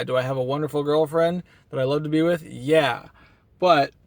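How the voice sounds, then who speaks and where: A man's voice: mid-range voice, no room sound. A sleep-deprived man giving a casual motivational talk on a one-take vlog, earnest and rambling, psyching himself up. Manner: earnest, self-hyping, rambling with restarts. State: tired from no sleep. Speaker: motivational vlogger. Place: outdoors at a beach town. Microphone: camera mic.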